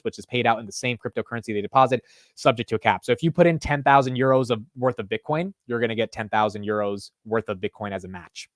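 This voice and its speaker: Casual young American market host. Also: male voice, mid-range voice, no room sound, clean studio sound. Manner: casual, slangy, says dude and bro. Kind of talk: casual livestream market commentary.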